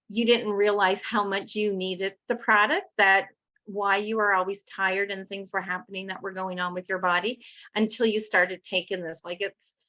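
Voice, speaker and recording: A woman's voice: mid-range voice, sharp tone, dull audio. A woman hosting a group call, gushing with enthusiasm as she thanks each speaker. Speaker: host.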